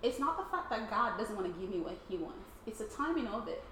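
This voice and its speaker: A woman sharing a personal faith testimony with a small group in a casual, excitable way, often laughing and acting out her own thoughts. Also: mid-range voice, fast. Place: room with other people, casual group. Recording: roomy, faint background noise.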